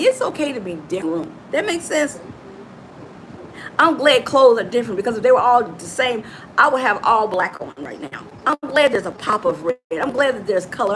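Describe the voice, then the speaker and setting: A middle-aged woman from Chicago, a motivational coach giving an animated, preachy talk straight to her listeners. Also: fairly high pitch, slight background noise, rough recording. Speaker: motivational coach and podcast host.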